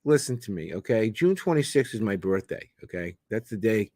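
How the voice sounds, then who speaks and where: A man's voice: lowish voice, brisk, dry recording, clean studio sound. A man in his seventies from Sicily, co-hosting a casual live stream and telling rambling, joking stories. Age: 70s. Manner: rambling, joking, animated storyteller. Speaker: co-host. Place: home in Sicily.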